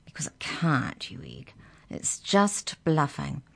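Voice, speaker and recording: Storybook girl, bossy and pushy, raised pitch, read by a woman. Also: wildly swooping pitch, slow pace, vocal fry, a bit bright, whispered, full character voice. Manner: pushy, scornful. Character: bossy bold young girl, scheming.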